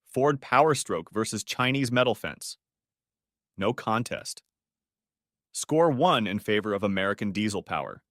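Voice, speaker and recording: A man reading a first-person audiobook story in a steady storytelling manner. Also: on the low side, measured pace, long pauses, dry recording, studio quality. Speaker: narrator. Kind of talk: scripted audiobook narration.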